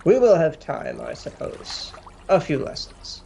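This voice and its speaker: A man voicing a gruff, formal male ship captain in a tabletop role-play, speaking in clipped sentences. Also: on the high side, big pitch swings, a little slow, mellow, a little hiss or hum, exaggerated voice. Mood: formal, terse.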